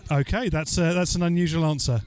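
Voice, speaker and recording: Man, podcast host, slightly high voice, casual, joking, filler-heavy. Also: steady tone, fairly quick. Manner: joking, loose delivery with frequent "uh" fillers. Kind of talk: casual podcast chat and listener Q&A.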